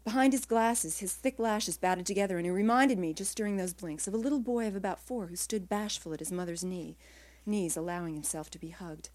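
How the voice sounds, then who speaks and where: Her phrases fading gently at the ends, a female author reads from her own literary work in a calm, measured, quiet way. Her voice is mid-range.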